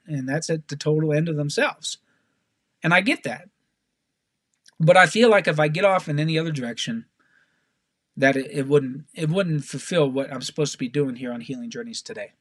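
Man, preacher, fervent sermon, high voice, dry close sound. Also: dry recording. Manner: fervent, repetitive, prays aloud, swings between rising emphasis and quiet pleading.

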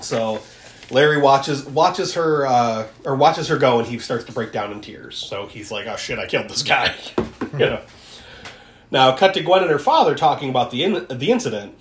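A podcast co-host in a casual film recap chat, animated, laughing often and swearing while acting out quotes. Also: medium pitch, moderate pace, a little hiss or hum. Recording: echoey room.

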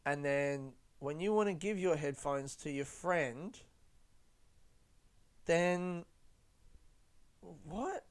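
A man's voice: a little high, expressive, very slow, pauses often, clear, resonant tone. A young man hosting a casual solo podcast, rambling, swearing and poking fun at himself. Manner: rambling, sweary and self-mocking. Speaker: podcast host.

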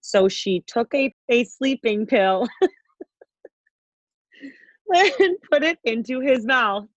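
A woman's voice: fairly high pitch, expressive, takes it slowly, no room sound, dull audio. A young woman co-hosting a podcast, telling rambling stories in casual chat, laughing often and swearing freely. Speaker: podcast co-host.

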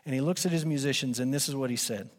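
A man's voice: mid-range voice, fast. Preaching man in a reverberant hall. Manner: emphatic preaching, swings between loud and hushed. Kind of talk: sermon.

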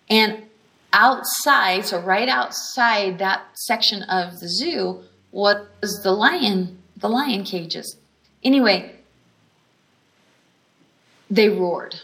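A woman's voice: medium pitch, fairly bright tone. A woman giving a conversational teaching sermon at a healing school, telling stories animatedly and stressing points with repeated phrases. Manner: frequent restarts and brief laughs.

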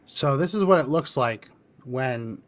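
A man hosting a political podcast, presenting clips with a brisk, sardonic delivery. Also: mid-range voice, animated. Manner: brisk, sardonic, directing the producer. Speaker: podcast host.

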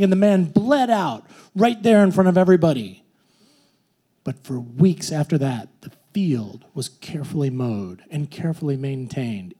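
A man telling a personal story live on stage, acting out screams and voices. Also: a little high. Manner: animated, acts out screams and voices.

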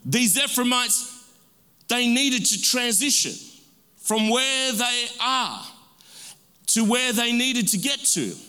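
A very high-pitched, animated male voice, pushed and bright yet clean, preaches a sermon as pastor. He calls for amens and lengthens his emphatic words in call-and-response style, and the church sanctuary's large hall gives a long reverb.

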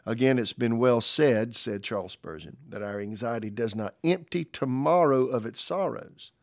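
A man preaching on a church podcast, reading scripture and quotes aloud, then commenting in a relaxed, conversational way with fillers. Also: medium pitch, moderate pace. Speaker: pastor. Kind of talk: podcast sermon.

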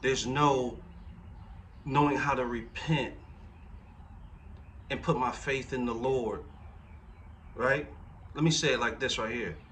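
Bright-voiced preacher in his forties. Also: medium pitch, fairly even intonation, slow pace, long pauses, distant mic, slight background noise. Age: 40s. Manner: conversational preaching, rhetorical questions to the congregation. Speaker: pastor. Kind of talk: sermon.

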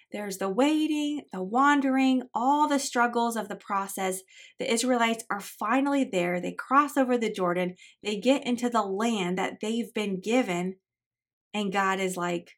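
A woman hosting a podcast, teaching a Bible study in a conversational, encouraging way and speaking straight to mothers. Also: a little high. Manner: earnest and encouraging, speaks straight to listening moms; reads scripture and story passages aloud between chatty asides.

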